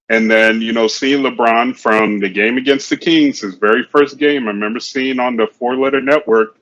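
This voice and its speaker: Bright-voiced man rambling about sports. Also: medium pitch, muffled recording. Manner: rambling, repeats words, laughs often. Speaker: podcast co-host. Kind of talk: casual sports chat.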